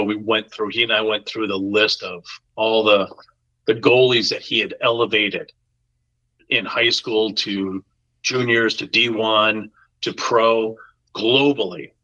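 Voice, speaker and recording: A man spins a story in casual podcast talk. He is animated and acts out the people he quotes. His voice is bright and forceful, and the recording is a little dull. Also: fairly low pitch. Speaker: podcast guest.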